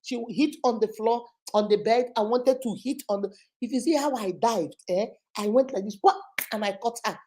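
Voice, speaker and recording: Nigerian woman in her forties, host, dramatic storyteller, mellow warm voice, rather high pitch. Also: moderate pace, hardly any pauses, a little hiss or hum. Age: 40s. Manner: animated, laughing, dramatic retelling. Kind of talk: storytelling to viewers.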